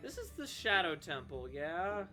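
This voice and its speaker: A man's voice: on the high side, sing-song, normal speed, pushed and bright, soft background music. A man streaming casually, chatting and joking with mock-dramatic outbursts. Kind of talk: casual live-stream chat.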